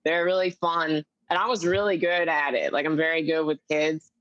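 A young woman in casual podcast chat, rambling along and peppering every thought with "like" as she acts out quotes. Her voice sits on the lower side for a woman. The sound is dry and close, with no room in it. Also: steady tone, normal speed, a bit bright, no room sound, muffled recording. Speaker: guest comedian. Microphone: video call.

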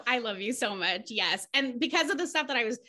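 A woman's voice: fairly high pitch, animated, fairly quick, bright, forceful tone. A woman co-hosting a podcast, introducing a guest in an enthusiastic, casual way, swearing now and then. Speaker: podcast co-host.

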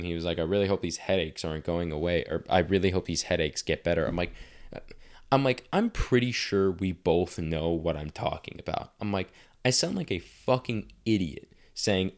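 Man, young adult, very deep voice, casual profane storytelling, host. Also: lively intonation, brisk. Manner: rambling, profane, filler-heavy. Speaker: podcast host.

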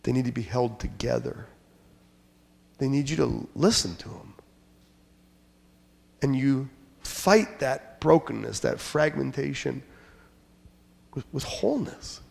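A man preaching a sermon as pastor, talking conversationally and joking, then dropping into quiet asides. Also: mid-range voice, animated, takes it slowly, creaky, long pauses. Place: church sanctuary. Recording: long church hall reverb.

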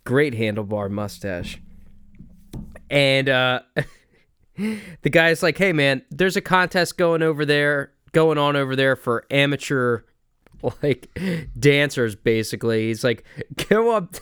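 A man's voice: mid-range voice, slow, a bit bright, clean tone, dry recording, studio quality. A man hosting a podcast, casually chatting about a film, swearing, laughing and acting out scenes. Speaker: podcast host.

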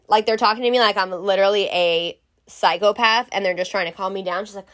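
A woman's voice: mid-range voice, fast, a bit bright. A young woman telling a storytime vlog in a blunt, exasperated, profane way. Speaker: vlogger.

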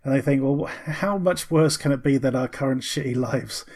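A man's voice: medium pitch, normal speed, darkish tone. A man co-hosting a casual film review podcast, talking with many ums and restarts. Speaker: podcast co-host.

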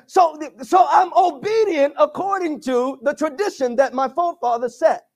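A pastor preaching a sermon with call-and-response to his congregation, often rising to shouts. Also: very high voice, moderate pace, hardly any pauses.

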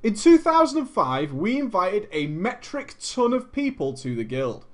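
A man casually telling a story to a live chat, animated and profane, laughing often and switching between loud bursts and muttered asides. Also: high voice, normal speed. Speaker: streamer telling a gaming story.

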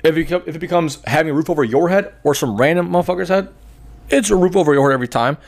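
A man's voice: a little high, racing. A man co-hosting a casual podcast, blunt, profane and sarcastic. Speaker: podcast co-host.

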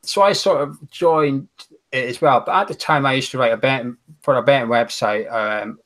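A man's voice: mid-range voice, moderate pace, a bit bright. Scottish man, guest on a fan-show chat, friendly rambling storyteller with lots of ums. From Aberdeen, Scotland. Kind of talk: casual chat.

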